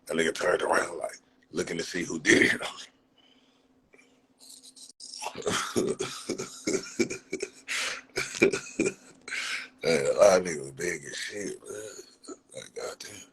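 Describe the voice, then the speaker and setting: A man's voice: low voice, a bit bright, slight background noise, rough recording. A young man talking loosely on a phone livestream, full of street slang and profanity and breaking into laughter often. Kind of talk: casual livestream chat.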